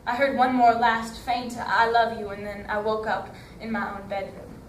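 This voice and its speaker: A woman with a high voice narrating a dramatic story in the first person, her delivery emotional and theatrical. She sounds distant, as if heard from the back of a reverberant hall, with a faint hum of the room. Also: steady tone, moderate pace. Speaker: storytelling competitor. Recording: echoey hall from far off.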